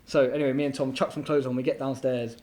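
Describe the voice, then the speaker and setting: A young man from the UK, telling stories as a guest in a casual interview, animated and laughing, full of slang. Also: mid-range voice, fast. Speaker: guest entrepreneur. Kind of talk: casual storytelling chat.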